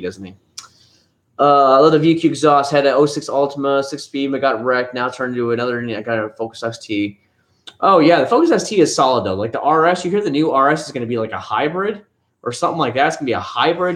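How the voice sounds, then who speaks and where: A man hosting a casual live stream from home, rambling easily about cars and answering viewer chat one comment at a time. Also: mid-range voice. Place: at home, family nearby. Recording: roomy echo.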